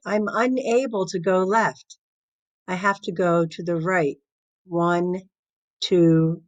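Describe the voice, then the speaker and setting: Slow, patient woman math teacher. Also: on the low side, a bit bright, rough recording. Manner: patient, counts out steps aloud, playful examples. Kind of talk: classroom lesson, explaining step by step.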